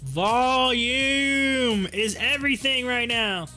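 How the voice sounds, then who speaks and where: A man's voice: very high voice, slow, pushed and bright, faint music behind. A man doing casual live-stream commentary on stocks, joking and laughing often and slipping into mocking voices.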